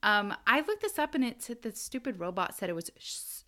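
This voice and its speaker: Podcast co-host, woman, bright tone, casual and laughing, rambles a bit. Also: a little high, big pitch swings, a little fast. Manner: chatty, giggly, self-deprecating. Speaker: podcast co-host presenting the episode research.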